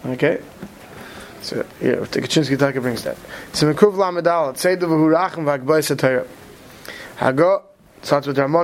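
A man teaching a study class, talking quickly and checking in with "right?" as he explains. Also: fairly high pitch, slight background noise. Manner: quick, mixes Hebrew terms into English, many "right?" checks. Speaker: Torah teacher. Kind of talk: Talmudic study lecture.

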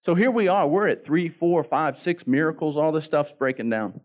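A man's voice: a little high, moderate pace, lo-fi sound. A man pastor preaching a sermon in a casual, joking way, acting out the story as he goes. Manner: casual, joking preacher who acts out the story in quoted voices.

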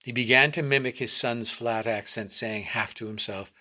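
A man reading a short story aloud in a measured, dramatic narration. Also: medium pitch, steady tone, pushed and bright. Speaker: reader.

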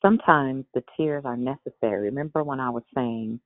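A woman hosting a faith call, talking in a gentle, reassuring way and often repeating her words. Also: very deep voice, a little fast, no echo. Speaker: host of a prayer call. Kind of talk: encouraging faith talk. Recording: tinny phone line, dry.

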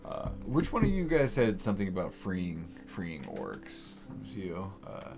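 A man narrating a tabletop game as game master, relaxed and full of fillers. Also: low-pitched, unhurried, gravelly, music in the background.

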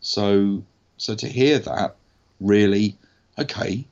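A man's voice: lowish voice, takes it slowly, a little mellow, lo-fi sound. A man with an English accent, an actor telling a long story in casual podcast chat, with frequent ums and self-corrections. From England. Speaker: actor guest.

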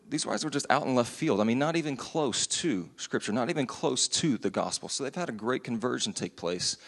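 A man preaching a sermon in a church, earnest and conversational with frequent restarts. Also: mid-range voice. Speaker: pastor. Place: church sanctuary. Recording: long church hall reverb.

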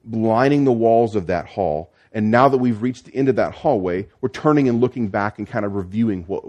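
A male pastor delivers a teaching sermon in a fairly low voice. He walks through the text patiently and often restarts his sentences. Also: mellow. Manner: teaching, explanatory, with frequent restarts.

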